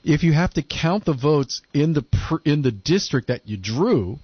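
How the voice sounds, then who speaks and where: A man's voice: fairly high pitch, animated, moderate pace, slightly rough, no room sound. A male talk radio host chatting casually and rambling, restarting his sentences. The sound is dry and slightly muffled. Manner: rambling, hesitant.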